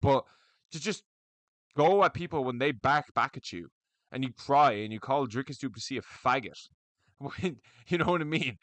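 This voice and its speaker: In a mid-range, fairly bright voice with lively intonation and normal speed, a young MMA commentary vlogger sounds off to camera. The recording has no room sound, and his solo rant about fans of the combat sport is blunt and profane.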